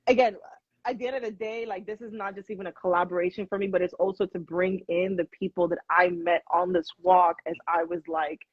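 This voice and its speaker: A woman hosting a faith-based live chat, energetic and preachy, repeating words for emphasis. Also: on the low side, fairly quick, slightly rough, no room sound. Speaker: live show host. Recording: muffled, lo-fi live stream audio.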